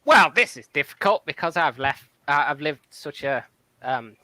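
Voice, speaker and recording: A man who is a guest on a comedy panel, talking casually with some hesitation. His voice sits a bit high and sounds bright. He is self-deprecating and easygoing. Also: lively intonation, normal speed, no echo, poor audio.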